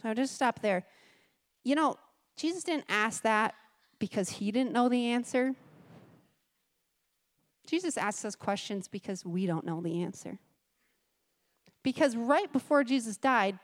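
A woman's voice: a little high, animated, normal speed. A woman giving a conversational sermon, reading scripture aloud with chatty, joking asides. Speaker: guest speaker at a church service. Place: church service.

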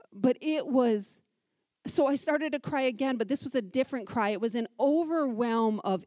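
A woman in her thirties shares a personal testimony at a church women's gathering, in a voice pitched a little high. She talks in a lively, conversational way with quick asides, earnest and heartfelt. The recording is dry and close, with hardly any room sound. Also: dry recording.

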